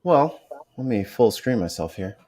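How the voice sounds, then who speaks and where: A man's voice: medium pitch, very animated, a little slow, a little mellow. A man hosting a podcast, chatting casually and joking around as he wraps up the show. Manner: joking and playful. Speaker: podcast host.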